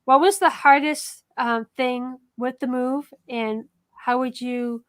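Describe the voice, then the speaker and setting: A woman's voice: high-pitched, steady tone, slow, dry recording. A woman hosting a casual live stream, giggly, reading out the live chat and asking her guests questions. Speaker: host.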